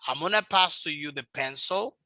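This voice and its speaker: A man's voice: a little high, moderate pace, sharp tone, dry recording. A man teaching English in a one-on-one video call lesson, patient and repetitive, sounding out words to show their stress. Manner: patient, repeats himself, models word stress.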